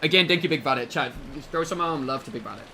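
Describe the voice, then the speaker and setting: A man in his twenties chatting casually with his stream chat, excitable and jokey, breaking into loud yelps and shouts. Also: a little high, fast, a loud crowd. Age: 20s.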